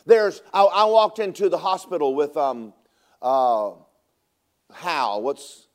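A man preaching a sermon as pastor, telling stories with animated delivery that rises to shouting at its peaks. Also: fairly high pitch, slow.

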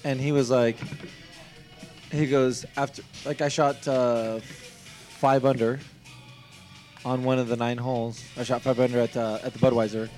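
A man of middle pitch chats excitedly with friends, tripping over repeated words as he rushes into his stories. Music plays faintly underneath. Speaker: golfer and guest. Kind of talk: casual chat.

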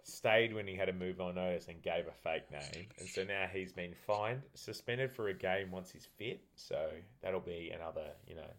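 A young Australian man with a very low voice tells rambling footy stories in a relaxed podcast chat. He drifts from point to point and swears casually. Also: normal speed, hardly any pauses. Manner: rambling, laid-back storyteller, swears casually. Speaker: podcast co-host. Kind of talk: casual sports banter.

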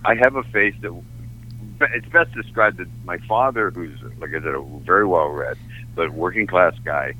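Low-voiced, husky older man telling stories. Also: moderate pace, phone-quality sound. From Canada. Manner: candid, emotional storyteller with frequent restarts. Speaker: actor guest. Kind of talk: anecdotal interview storytelling.

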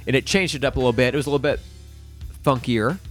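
A man's voice: mid-range voice, fast talker. A man co-hosting a podcast, chatting casually about an album, rambling with lots of fillers and restarts. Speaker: podcast co-host. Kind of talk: casual chat about music. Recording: faint music playing underneath.

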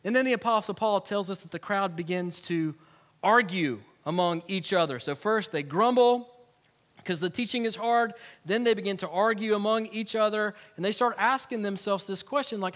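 A man's voice: high voice, normal speed, a bit bright. A male pastor preaching a sermon in a conversational way, with humorous asides and emphatic repeated words.

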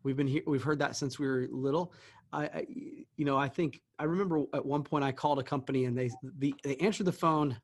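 A man's voice: mid-range voice, steady tone, a little fast. A man hosting a business interview, friendly and affirming, often restarting his sentences.

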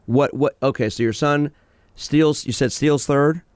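A man's voice: a little high, steady tone, unhurried, a little mellow, no echo, clean studio sound. A man hosting a call-in radio show as a sport psychologist, direct and questioning as he gives advice.

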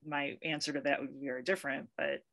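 A woman with a deep voice answers interview questions in a chatty, heartfelt way. She laughs easily and speaks with real feeling, like a professor talking off the cuff. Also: fairly even intonation, fast, fairly bright tone. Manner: emotional, chatty storyteller who laughs easily. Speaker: interview guest, university professor. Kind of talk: conversational interview.

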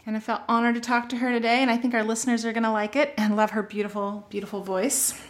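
A woman's voice: a little high, fairly even intonation, fast. A woman hosting a podcast in casual chat, effusive and chatty, often saying "like". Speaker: podcast host.

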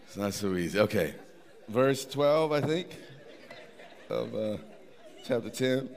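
A middle-aged pastor preaches in a sanctuary with long hall reverb, his mid-range voice expressive, a little slow and mellow, with vocal fry. Some chatter sounds behind him as he speaks conversationally, repeating words and restarting.

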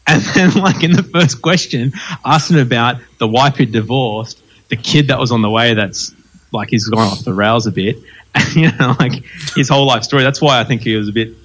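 A man's voice: medium pitch, normal speed. A man hosting a podcast, telling stories in casual chat with lots of fillers and laughter. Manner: animated storytelling with frequent laughs and fillers. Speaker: podcast host.

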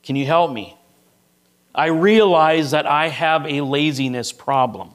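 A preacher voicing a pleading churchgoer. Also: male voice, a little high, a little slow, lightly acted. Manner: pleading, self-excusing. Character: imagined churchgoer asking the pastor for help.

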